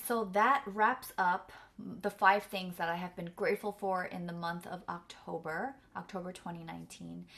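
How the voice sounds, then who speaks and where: A young woman vlogging in a relaxed, conversational way, her sentences loose and sprinkled with "like." She sounds earnest and effusive, sharing personal things as if talking to friends. Her pitch sits in an ordinary middle range. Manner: chatty, filler-heavy with frequent "like". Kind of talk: casual chat to camera.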